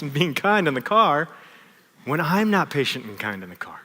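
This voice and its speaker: Pastor, 30s, man: conversational and self-deprecating, slightly high and forceful tone, recorded in a reverberant sanctuary. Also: sing-song, moderate pace. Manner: conversational, self-deprecating, tags lines with "right?". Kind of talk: sermon storytelling. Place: church sanctuary. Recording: long church reverb.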